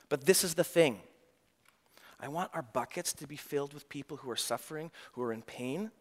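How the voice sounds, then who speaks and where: A middle-aged male pastor preaches a sermon with a somewhat high voice. He moves from loud, lively stretches to hushed, near-quiet admissions. The long reverb of a church sanctuary trails after his words. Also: normal speed. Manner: swings between loud animated mock-confidence and hushed, quiet confession.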